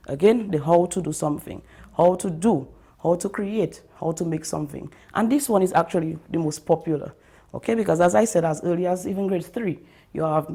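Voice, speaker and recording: A woman teacher giving a recorded writing lesson to pupils, explaining step by step and often checking in with "okay?" and "all right?". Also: dark tone. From Dominica. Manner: stresses key terms by slowing down and lifting pitch.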